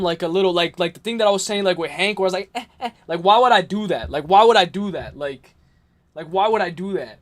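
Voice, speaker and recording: Young guy from around new york rambling on his stream, kinda high voice, laughing at chat. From New York area. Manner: rambling, laughs a lot, reads and answers chat. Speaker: livestream host. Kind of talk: casual late-night livestream chat.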